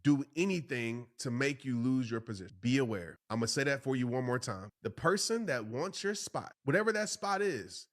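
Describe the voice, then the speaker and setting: A man's voice: mid-range voice, animated, normal speed, few pauses. A man hosting a motivational podcast, preaching to listeners in an emphatic voice and repeating phrases for stress. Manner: addresses listeners directly as "y'all" and "bro". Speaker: podcast host and motivational speaker.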